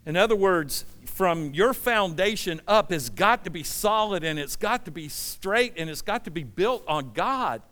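A passionate male pastor preaching in a church sanctuary, his smooth, resonant voice sitting a little high for a man. He swings between near-shouted urgency and low, quiet storytelling, and a long hall reverb trails every phrase. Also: lively intonation, a little slow, hardly any pauses. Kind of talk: sermon.

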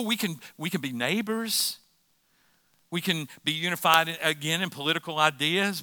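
A man's voice: high voice, sharp tone, dry recording, clean studio sound. A middle-aged man preaching a sermon as pastor, impassioned and repeating phrases for emphasis.

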